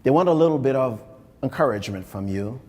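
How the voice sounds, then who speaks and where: A man's voice: medium pitch, expressive, fast, warm tone. A middle-aged man from Haiti with a Haitian accent, delivering a motivational keynote speech. He tells stories, repeats phrases for emphasis and speaks straight to the audience. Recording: live recording in a reverberant hall.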